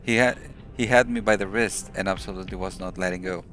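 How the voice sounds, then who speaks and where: A man's voice: low voice, fairly even intonation, fast, a bit bright, slight background noise. A man on a live stream reading a horror visual novel aloud, stumbling and restarting now and then with casual asides. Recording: music playing behind.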